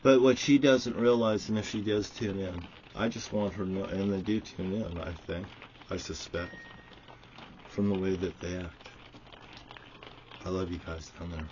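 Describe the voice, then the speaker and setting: A man's voice: low voice, fairly even intonation, normal speed, a little mellow, slight background noise. A man giving an angry, profanity-filled monologue to the camera, ranting and swearing constantly. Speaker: vlogger. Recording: dull lo-fi audio.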